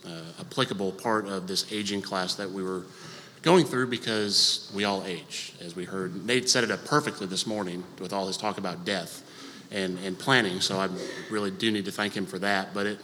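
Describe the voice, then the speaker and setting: Soft-spoken man lecturing in a reverberant hall. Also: deep voice, steady tone, normal speed, a little hiss or hum. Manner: conversational, with fillers and light jokes; speaks softly. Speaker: estate planning attorney teaching a church class. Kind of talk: informal lecture to a congregation. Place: church auditorium. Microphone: microphone. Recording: long reverb of a large hall.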